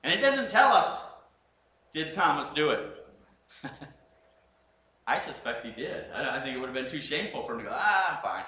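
Animated male pastor mid-sermon, bright voice, echoey room. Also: on the high side, normal speed, pauses often. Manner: animated, acts out scenes, frequent restarts.

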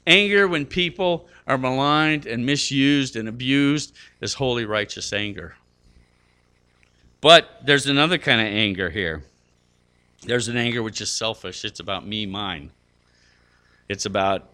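A man's voice: mid-range voice, expressive, normal speed, pushed and bright. A middle-aged man preaching a sermon, earnest and conversational, climbing to emphatic peaks with fillers and restarts. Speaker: pastor.

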